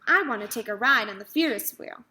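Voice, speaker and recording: A woman's voice: fairly high pitch, lively intonation, a little fast, sharp tone. A woman voicing an eager, tender-hearted young girl in a storybook reading.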